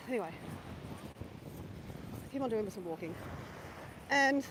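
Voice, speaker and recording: An Australian woman chatting casually to her live-stream viewers while walking outdoors, animated and swearing freely. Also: fairly high pitch, slow pace, background noise. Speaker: vlogger. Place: outdoors near a lake and bridge.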